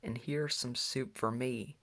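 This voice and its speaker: Un hombre leyendo como un osito alegre y entusiasta. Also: male voice, mid-range voice, steady tone, takes it slowly, fairly bright tone. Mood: eager. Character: cheerful little boy bear cub. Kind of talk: reading a children's book aloud.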